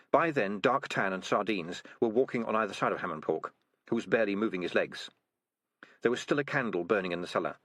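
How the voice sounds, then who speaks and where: A man narrating a fantasy storybook with expressive, lively intonation. His voice sits low, and the recording is close and dry with no room sound. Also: no room sound. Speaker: audiobook narrator. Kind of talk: scripted narration.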